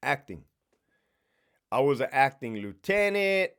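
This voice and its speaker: A man's voice: mid-range voice, a little slow, clean tone. A middle-aged man, a former prison sergeant, telling blunt, profane stories in a casual monologue. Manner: profane, blunt, animated storytelling.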